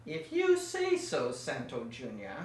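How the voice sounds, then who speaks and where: A woman's voice: a bass voice, huge pitch swings, unhurried, darkish tone, heavily acted. A woman voicing a pompous, theatrical villain professor who insults her henchman. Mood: scheming. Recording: echoey room, distant mic.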